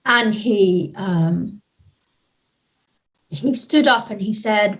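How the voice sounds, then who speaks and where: A woman in a casual interview, telling a personal story with lots of fillers and lively retellings. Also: medium pitch, extremely slow, long pauses, rough recording. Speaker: guest, nonviolent communication trainer.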